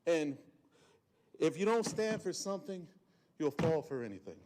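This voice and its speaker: A man's voice: on the high side, big pitch swings, moderate pace, heavy background noise. A man of about forty, giving an emotional, blunt and folksy public comment at a county meeting podium, full of fillers and restarts. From South Carolina Lowcountry.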